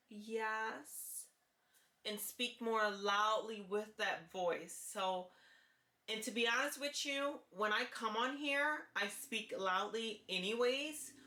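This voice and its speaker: A woman talking to camera in a casual vlog, with a light, forward-placed voice and an earnest, deliberate way of repeating her key points. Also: on the high side, bright, forceful tone, reverberant. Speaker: vlogger sharing voice therapy progress.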